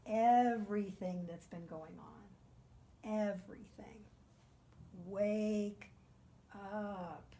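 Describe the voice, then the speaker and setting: A woman minister giving a gentle, earnest spiritual talk, sometimes dropping to a soft near-whisper. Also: medium pitch, very slow, slight background noise.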